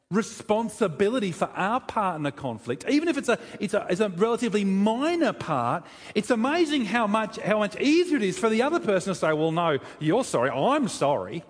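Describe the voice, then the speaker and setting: A man preaching a sermon, conversational and lively, asking the congregation questions and joking with them. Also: fairly high pitch, breathy edge. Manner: animated, conversational, addresses congregation with questions and humor. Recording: long reverb of a large hall.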